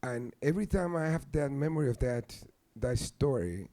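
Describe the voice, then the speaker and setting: A man from Panama recalling a story on a discussion panel. His voice is mellow and mid-pitched, and his delivery is reflective and conversational. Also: lively intonation, normal speed. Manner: reflective, with fillers and restarts.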